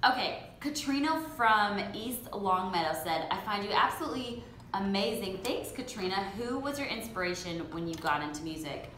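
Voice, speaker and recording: A woman's voice: medium pitch, expressive, moderate pace, fairly bright tone. A young woman from Canada, a country singer, chatting casually as she reads fan questions aloud and answers them. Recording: echoey room with faint ambient noise.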